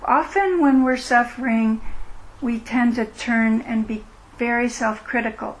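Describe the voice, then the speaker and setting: A middle-aged woman leading a meditation retreat, speaking in a gentle, unhurried, reflective way as she answers questions. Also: on the high side, low-quality recording. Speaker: meditation teacher. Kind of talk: dharma talk with Q&A. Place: retreat meeting room.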